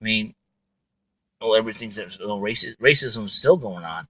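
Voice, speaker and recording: A man's voice: fairly low pitch, normal speed, pushed and bright, no room sound, poor audio. A man hosting his own podcast, talking alone in a rambling way with many fillers and restarts. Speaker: podcast host. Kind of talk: casual monologue.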